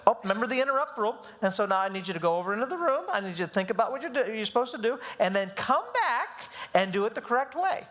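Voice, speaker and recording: A man teaching a live parenting class in a casual, animated way, with his wife co-teaching. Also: high-pitched, quick pace, few pauses. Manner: animated, acts out kids' voices in quotes.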